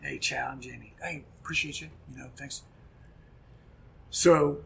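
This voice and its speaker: A middle-aged man, a punk musician guest, telling a story in casual chat, animated and profane, acting out quoted dialogue. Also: mid-range voice, measured pace, vocal fry, long pauses, breathy edge.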